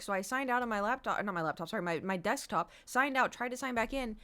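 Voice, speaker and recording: A woman streamer talks casually to her live audience in a fairly high voice. She rants and swears freely. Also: fast talker, few pauses, pushed and bright.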